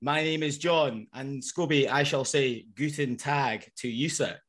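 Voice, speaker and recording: A man's voice: medium pitch, a little slow, a bit bright. A man hosting a football podcast, chatting in a jokey, upbeat way. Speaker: podcast host. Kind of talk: casual chat.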